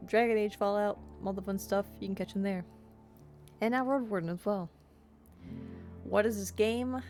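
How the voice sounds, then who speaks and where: A chatty young woman streams a game, talking in a lower register and rambling cheerfully at the chat. Soft guitar music plays faintly behind her. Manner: chatty, playful, self-described yapper. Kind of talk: casual let's-play chat.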